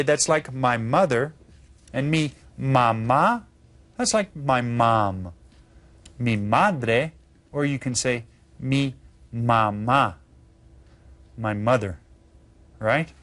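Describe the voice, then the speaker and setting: A man leads a children's Spanish lesson at an unhurried, deliberate pace. He is upbeat and coaxing, drawing out each new word and inviting the class to repeat it. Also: mid-range voice, fairly bright tone. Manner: upbeat, coaxing, repeats words slowly for pupils. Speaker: Spanish teacher. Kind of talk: scripted children's language lesson.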